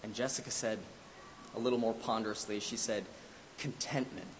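A man's voice: fairly low pitch, steady tone, normal speed. A man preaching a sermon, telling a story dramatically, with his voice swelling for emphasis and then dropping away. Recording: hiss in a reverberant hall.

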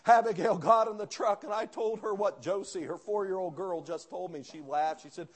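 A pastor preaching a sermon, telling a story with quoted dialogue and rising to fervent outbursts. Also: male voice, sits high, normal speed, few pauses, husky.

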